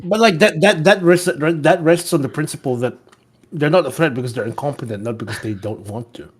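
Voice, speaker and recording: A man's voice: a little high, fairly quick, breathy edge. Crude, stammering man co-hosting. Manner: interjecting, crude, stammering restarts. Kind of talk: casual political chat.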